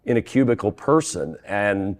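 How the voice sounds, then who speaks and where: A man's voice: lowish voice, moderate pace. Middle-aged guy, sportscaster guest, laughs his way thru stories, keeps restarting sentences. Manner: animated, laughs through anecdotes, frequent restarts. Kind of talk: interview storytelling.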